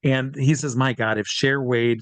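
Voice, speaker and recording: A man, a drag performer and hypnotist, telling a lively anecdote as an interview guest, acting out the quoted voices and swearing freely. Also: mid-range voice, unhurried, dry recording. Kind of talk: casual storytelling in an interview.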